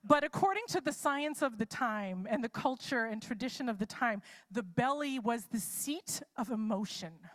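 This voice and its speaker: A woman's voice: a little high, animated, normal speed, hardly any pauses. A woman preacher giving a live sermon in a casual, chatty way, posing many rhetorical what-if questions.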